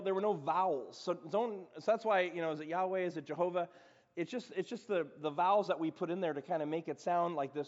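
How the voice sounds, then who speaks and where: A man preaching a sermon as pastor, talking in a conversational, animated way with frequent restarts. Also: high voice. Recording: dull lo-fi sound in reverberant hall.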